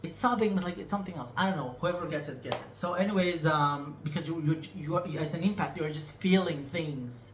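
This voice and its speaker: He talks briskly with few pauses, his voice a little high, in an echoey room with some hiss or hum. It's candid storytelling to camera about his personal healing, emotional and rambling, with repetition, trailing thoughts, and frank teasing of his viewers.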